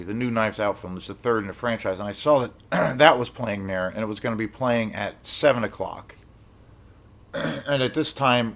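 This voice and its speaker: A young man telling a rambling, animated story in a casual vlog, swearing when he gets excited. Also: on the low side. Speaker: film vlogger.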